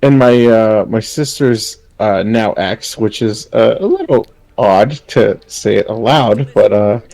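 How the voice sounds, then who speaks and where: A man's voice: lowish voice, expressive, unhurried, gravelly, warm tone, no echo, rough recording. A young man chatting casually on a livestream, telling a rambling family story full of fillers and laughter.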